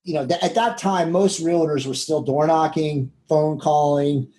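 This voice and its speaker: A man's voice: on the high side, steady tone, normal speed, warm tone, rough recording. A man, a guest entrepreneur, speaking candidly in a rambling way with many fillers about his life. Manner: rambling, heavy with "you know" fillers; candid and self-reflective. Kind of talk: casual interview storytelling.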